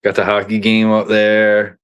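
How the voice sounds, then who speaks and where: A man's voice: on the low side, monotone, measured pace, fairly bright tone, clear, resonant tone, dull audio. Laid-back swearing man chatting. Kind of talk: casual chat.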